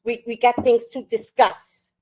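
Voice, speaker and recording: A woman telling a storytime rant on her livestream, animated, worked up and swearing freely. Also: on the high side, measured pace, breathy edge. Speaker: livestream host.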